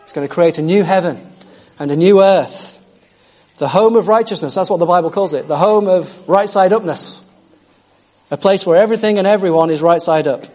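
A man delivering a sermon in a fairly high voice. He preaches with exuberant energy and repeats phrases for emphasis. At times his voice drifts away from the microphone. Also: brisk, a little mellow.

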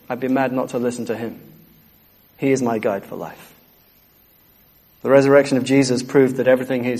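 A man's voice: mid-range voice, darkish tone. A man preaching a sermon, earnest and emphatic, repeating key phrases.

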